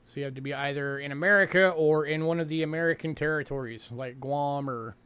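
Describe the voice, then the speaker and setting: A man from New York chats his way through a coin sale livestream, leaning on fillers and saying things twice. He talks a little fast in a slightly high voice. His tone is fairly bright and clean, with no echo.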